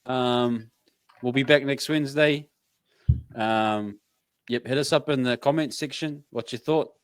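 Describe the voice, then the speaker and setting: A man's voice: mid-range voice, unhurried, clean tone, no echo. A man hosting a casual chat show, easygoing, with many agreeing fillers. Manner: easygoing, lively intonation, frequent agreeing fillers. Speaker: host.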